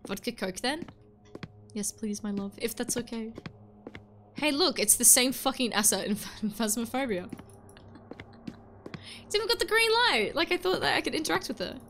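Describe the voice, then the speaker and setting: A woman's voice: on the high side, sing-song, moderate pace, pauses often, fairly bright tone, faint music behind. A woman chatting casually on a live stream while playing a game, joking and greeting her chat between yawns.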